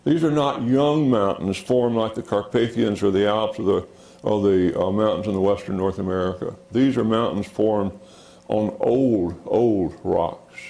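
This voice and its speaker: In a roomy, echoing hall, a geology lecturer works through his slides in a dark, gravelly, fairly low voice. He speaks haltingly with many fillers and keeps calling out "next" to advance the slides.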